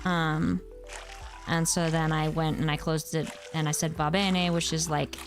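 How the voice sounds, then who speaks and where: A woman in her thirties from the United States, chatting casually with her viewers while she plays a game, with animated exclamations. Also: sits low, unhurried, soft background music. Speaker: game streamer. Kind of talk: casual chat while gaming.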